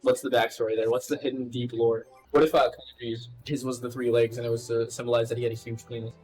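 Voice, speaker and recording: A man's voice: mid-range voice, level tone, fast talker, darkish tone, soft background music, low-quality recording. Giggly, crude-joking man. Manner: laughs a lot, crude jokes, swears freely. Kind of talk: casual chat while playing.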